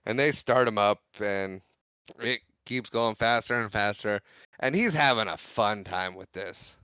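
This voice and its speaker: Smooth-voiced man recapping a movie. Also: on the low side, pushed and bright, dry recording. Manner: retells scenes with quick quoted voices, laughs often. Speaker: podcast co-host. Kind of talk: casual movie recap chat.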